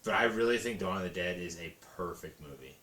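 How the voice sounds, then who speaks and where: A man in his thirties in casual chat, excitable and swearing, acting out scenes from films he loves. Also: deep voice, fairly quick, reverberant. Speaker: co-host.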